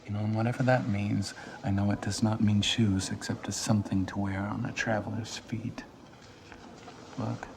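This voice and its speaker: A restless, brooding young man, bitter and halting as he talks. His voice is on the low side. The film soundtrack carries a clear layer of background noise. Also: flat delivery. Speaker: son. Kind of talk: film drama acting.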